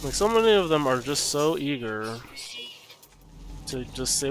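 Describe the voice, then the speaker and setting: A man's voice: mid-range voice, normal speed. A man streaming a game live, chatting in a sarcastic, ranting way. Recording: background noise.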